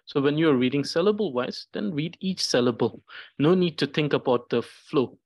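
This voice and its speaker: A man's voice: mid-range voice, expressive, highs cut off. A man teaching Tibetan pronunciation, patiently repeating syllables one at a time. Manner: slow and patient, repeats each syllable many times. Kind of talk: pronunciation lesson, reading syllables aloud.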